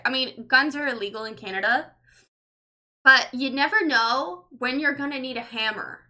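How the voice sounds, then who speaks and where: Woman streamer in her thirties, bright piercing voice, rambly casual chat, heavy on "like" and swearing. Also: a little high. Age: 30s. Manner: rambling, lots of "like", swears freely. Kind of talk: casual livestream chat, reading chat.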